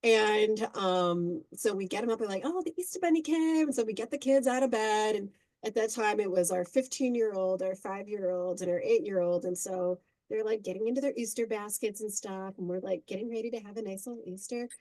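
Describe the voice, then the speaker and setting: A middle-aged woman, a podcast guest, telling family stories in a casual, animated way with frequent laughter. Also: mid-range voice, a little fast, hardly any pauses, dry recording, rough recording. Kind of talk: casual storytelling.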